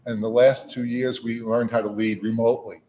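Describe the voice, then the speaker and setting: A middle-aged man speaks to a gathered audience in a relaxed, conversational way. His delivery is folksy, with repeated words and a steady stream of "you know"s. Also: medium pitch, brisk, slight background noise. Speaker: national auxiliary leader giving a speech. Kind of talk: informal speech to a gathering. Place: meeting room with an audience.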